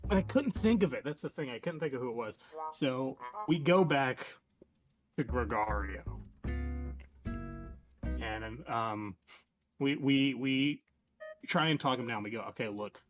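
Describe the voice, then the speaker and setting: Deadpan man rambling through a story. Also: medium pitch, unhurried, long pauses, faint music behind. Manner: meandering, deadpan, trailing off and restarting. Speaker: streamer.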